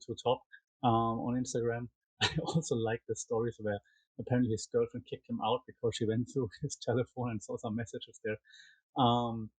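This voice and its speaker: A man's voice: medium pitch, a little mellow, slightly rough, dry recording, poor audio. A man with a German accent giving a casual solo recap of fight results, chatty and rambling with frequent fillers and restarts. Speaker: MMA commentary podcaster.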